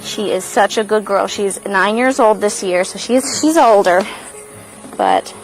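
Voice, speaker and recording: A woman's voice: big pitch swings, unhurried, soft background music, poor audio. A young woman giving a casual tour of her farm outdoors, slightly out of breath from walking. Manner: coos in a high baby voice to the animals.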